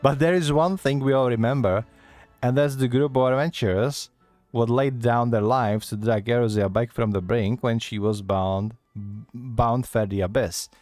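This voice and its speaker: Man reading out Baderon, a gruff tavern keeper. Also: medium pitch, steady tone, a little mellow, no echo, soft background music, lightly acted. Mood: stumbling. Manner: halting read-aloud, stumbling over the dialect. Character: seafaring male tavern keeper, gruff and worldly.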